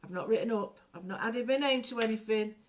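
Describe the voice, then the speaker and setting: A woman's voice: fairly high pitch, a little fast, a little hiss or hum. Chatty middle-aged woman. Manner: chatty, digressive, jokey storyteller. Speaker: art workshop host. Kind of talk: casual craft tutorial with chatty stories.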